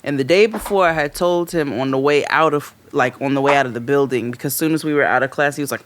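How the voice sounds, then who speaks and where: A man co-hosting a podcast, telling a story in casual chat, animated and profane, acting out what people said in a raised voice. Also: on the high side, fast talker, hardly any pauses, a little hiss or hum. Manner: animated, profane, acts out quotes loudly. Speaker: podcast co-host.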